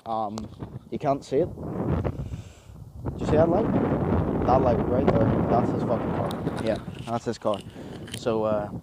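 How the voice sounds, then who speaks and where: A man's voice: mid-range voice, measured pace, pauses often, heavy background noise. A man hosting a vlog, talking casually to camera outdoors in a forest before dawn and swearing freely. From United Kingdom. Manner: swears freely, rambling and matter-of-fact. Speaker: vlogger host.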